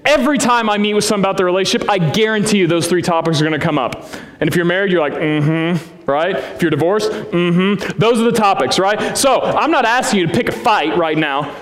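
A man in his thirties delivers a sermon in a relaxed, earnest way, dropping casual asides between points. His voice sits a little high for a man. The sound carries a long reverb from a church sanctuary. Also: fast. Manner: earnest, conversational preaching with asides. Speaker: pastor.

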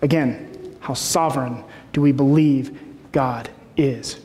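A man's voice: medium pitch, takes it slowly, darkish tone. A man in his thirties preaching a sermon in a conversational way, often checking in with the room. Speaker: pastor. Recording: echoey hall.

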